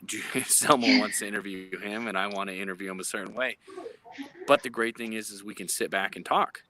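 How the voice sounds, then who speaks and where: A man's voice: fairly low pitch, steady tone, fairly quick, bright, forceful tone, slight background noise. A man in law enforcement speaking as a guest in a live chat over a phone, earnest and explanatory, often searching for words.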